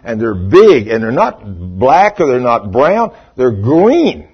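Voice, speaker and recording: A man's voice: medium pitch, very animated, takes it slowly, breathy edge. An older man preaching a sermon, telling a folksy story and acting out what people said. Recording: dull lo-fi sermon recording.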